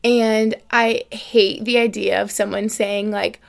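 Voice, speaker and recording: A woman's voice: medium pitch, flat delivery, takes it slowly, gravelly. A young adult woman hosting her own podcast, talking in a rambling, upbeat way full of fillers. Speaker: podcast host. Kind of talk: casual solo podcast chat.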